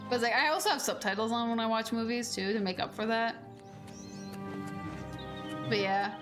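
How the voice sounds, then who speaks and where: A woman in her twenties streaming a game, chatting in a rambling, animated way with lots of fillers and casual swearing. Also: a little high, normal speed, music in the background. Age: 20s. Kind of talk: casual gameplay chat.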